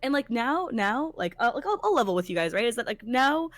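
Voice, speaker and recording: A woman's voice: fairly high pitch, a little fast, no room sound. A woman co-hosting a casual chat, telling a story emphatically and swearing freely as a tournament organizer. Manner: emphatic, swears a lot, animated retelling. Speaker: podcast co-host.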